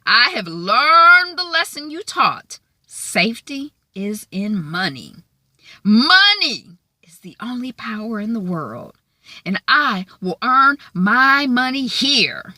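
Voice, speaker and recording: A woman's voice: fairly high pitch, very animated, takes it slowly, hardly any pauses, sharp tone, no echo, pitched above the performer's own voice, exaggerated voice. A woman voicing a defiant young courtesan who speaks firmly and resentfully. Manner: defiant, firm.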